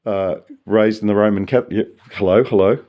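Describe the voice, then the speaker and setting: A man's voice: on the low side, steady tone, brisk, warm tone. An older man with an Australian accent talking in a rambling, tangential, sometimes profane solo monologue. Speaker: vlogger.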